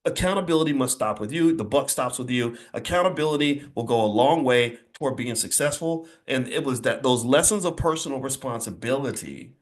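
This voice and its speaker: A man's voice: medium pitch, animated, a little fast, few pauses. A man delivering a motivational talk to a live audience in an indoor event space. He is emphatic and preachy and repeats phrases for punch. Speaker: finance speaker.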